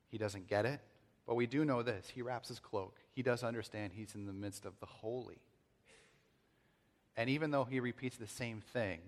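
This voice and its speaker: A man preaching a sermon, acting out scripture with loud pleading bursts and hushed, reverent passages. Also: mid-range voice. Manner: dramatic, swings from loud acted pleading to hushed reverent tones. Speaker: pastor. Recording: long hall reverb.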